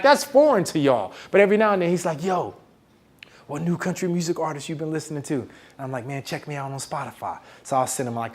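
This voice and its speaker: A middle-aged man from the United States giving a motivational talk, telling a story in an animated way and acting out the dialogue. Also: a little high. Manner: animated, acts out dialogue with big swings in volume. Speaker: motivational speaker.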